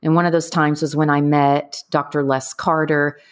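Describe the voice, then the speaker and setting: Low-voiced middle-aged woman, earnest, telling her own story with lots of ums. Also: flat delivery, normal speed. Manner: candid, earnest, trailing off with fillers. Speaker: guest. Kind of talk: personal storytelling in conversation.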